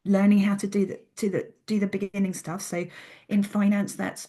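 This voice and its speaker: A middle-aged woman, a podcast guest, telling a story in an animated way and often restarting her sentences. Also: mid-range voice, quick pace, gravelly. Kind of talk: casual interview talk.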